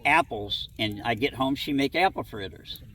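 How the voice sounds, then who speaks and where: A man's voice: medium pitch, lively intonation, moderate pace, pushed and bright. A middle-aged man from southwest Ohio telling a childhood story in an interview, folksy and rambling, acting out bits of dialogue. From southwest Ohio, USA. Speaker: interviewee recounting childhood encounters. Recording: distant mic, faint background noise.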